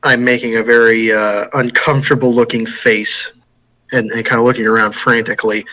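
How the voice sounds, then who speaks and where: A man playing a tabletop game, describing his actions haltingly and repeating words. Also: medium pitch, little pitch movement, bright, forceful tone, low-quality recording. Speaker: player.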